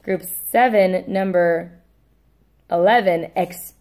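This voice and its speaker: A woman teacher dictating a spelling test. She says each word slowly and repeats it, adds brief asides, and apologizes when she corrects herself. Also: lowish voice, a little mellow.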